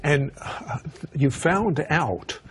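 A man's voice: a little high, lively intonation, extremely slow, fairly bright tone, faint music behind. A man hosting an interview, prompting his guest with short, probing questions. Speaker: host.

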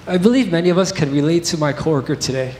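A man's voice: a little high, fast, a little mellow. A young man preaching a sermon, candid and conversational, telling personal stories with casual fillers. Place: church sanctuary. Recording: echoey church hall with faint noise.

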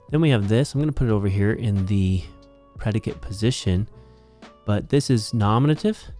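A man teaching New Testament Greek, slowly and methodically walking through a verse as a Bible teacher. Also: on the low side, a little mellow. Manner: slow, methodical explaining. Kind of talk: Greek grammar lesson.

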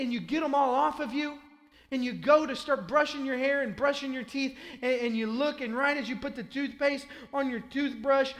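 A man pastor preaching a sermon, telling a vivid story in the second person and swinging between loud and hushed. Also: very high-pitched, in a large hall. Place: church sanctuary.

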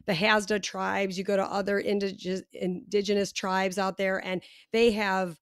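A woman from the United States, a guest on a podcast, explaining her company's product in an animated, talkative way with plenty of fillers. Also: mid-range voice, measured pace, smooth, no echo, studio quality. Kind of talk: casual interview chat.

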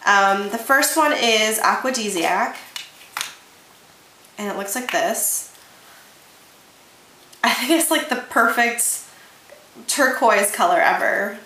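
Speaking slowly with long pauses, this young woman has a slightly high, expressive and sharp voice. She's a beauty vlogger in a casual haul chat, gushing about her makeup purchases and repeating words for emphasis, recorded in an echoey room with a faint hiss.

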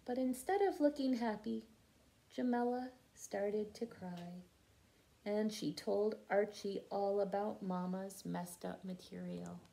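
A woman's voice: mid-range voice, takes it slowly, vocal fry, warm tone. A woman reading a picture book aloud to children and stopping to explain the meaning of words. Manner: patient, explains words to young listeners. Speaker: storyteller for children. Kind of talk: children's read-aloud with word lessons.

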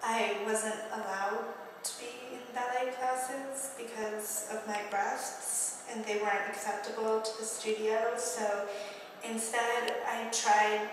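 A woman's voice: on the high side, background noise. Hesitant young woman, far and echoey. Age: young adult. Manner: hesitant, earnest and naive. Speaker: auditioning actress. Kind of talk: comedic character acting. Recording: roomy echo, far from the mic.

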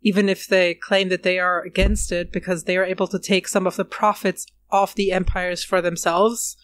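A woman's voice: on the low side, flat delivery, moderate pace. A woman co-hosting a podcast in casual discussion, explaining points and citing sources, with easy laughter between them. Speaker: podcast co-host.

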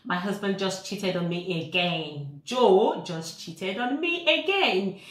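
A woman's voice: mid-range voice, expressive, slow pace. A woman playing a vain young Instagram wife gushing to her followers. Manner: gushing, social-media chatter. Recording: echoey room.

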